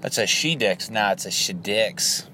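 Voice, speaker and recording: A man's voice: on the low side, expressive, a little slow, pushed and bright. A comedian rambling through crude, profane jokes while driving, laughing at his own bits. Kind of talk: rambling comedy workshop monologue. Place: car, driving. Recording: car road noise behind.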